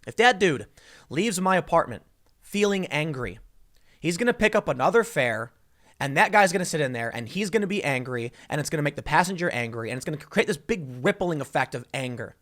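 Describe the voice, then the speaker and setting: A man delivers a casual commentary monologue in a slightly high voice. He talks emphatically, often restarting his sentences as he tells a story to the listener. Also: animated, fairly quick, a bit bright. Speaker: political commentary host.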